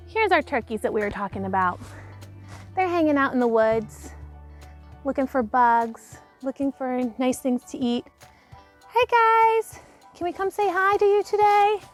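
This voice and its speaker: A woman hosting a farm tour for children, talking in an animated way straight to young viewers, outdoors on a farm. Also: high voice. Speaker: host showing a farm to children. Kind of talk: children's educational talk.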